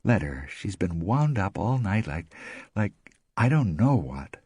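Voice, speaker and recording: A male narrator voicing Elise, a calm, practical woman friend with a soothing manner. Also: on the low side, a little slow, breathy edge, dry recording, studio quality, voice pushed up, heavily acted.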